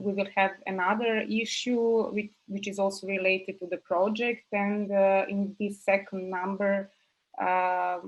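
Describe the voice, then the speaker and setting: A woman's voice: on the low side, poor audio. Hesitant woman presenting on a video call. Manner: hesitant, many fillers and restarts. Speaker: university teacher presenting a publication.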